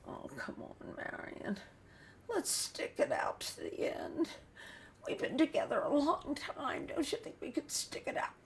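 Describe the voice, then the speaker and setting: Casting: a woman doing a bedridden old man, pushy and loud, raised pitch, gravelly. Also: wildly swooping pitch, unhurried, exaggerated voice. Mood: hushed, contrite. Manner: shouts demands, later hushed whispers. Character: sick older man, bossy then meekly sorry.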